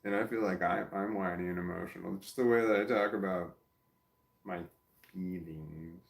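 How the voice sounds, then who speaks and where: A man's voice: deep voice, steady tone, normal speed, creaky. A man talking casually and self-reflectively to his camera, rambling, trailing off and restarting his sentences. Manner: soft baby-talk to his dog. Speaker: vlogger. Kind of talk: casual personal vlog. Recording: roomy echo.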